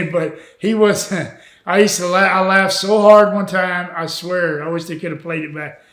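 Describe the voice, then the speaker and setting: Older man with a high, chuckly voice. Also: fairly even intonation, unhurried, a bit bright, reverberant. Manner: chuckling, folksy, peppers talk with "man". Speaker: retired wrestler telling road stories. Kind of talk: shoot interview, anecdotal storytelling.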